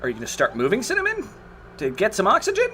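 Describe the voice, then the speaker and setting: A man's voice: high-pitched, huge pitch swings, very fast, sharp tone, slight background noise. A man commentating his own gameplay on a live stream, exasperated, swearing and groaning at the game.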